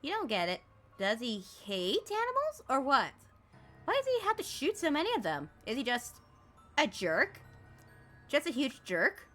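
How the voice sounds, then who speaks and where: With a high-pitched voice at a moderate pace, a woman streamer plays through a game, reading its text aloud and poking fun at it with animated, jokey commentary. Faint music plays behind her.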